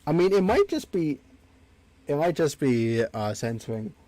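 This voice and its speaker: A man's voice: on the high side, big pitch swings, normal speed, warm tone, no room sound. A man streaming a game, chatting casually and reading the on-screen text aloud. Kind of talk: casual gameplay commentary.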